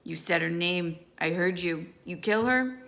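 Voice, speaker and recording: A woman's voice: fairly low pitch, a little slow, gravelly, sharp tone, full character voice. A woman voicing a huge, furious teenage boy fighter in an audiobook reading, speaking in blunt, broken questions.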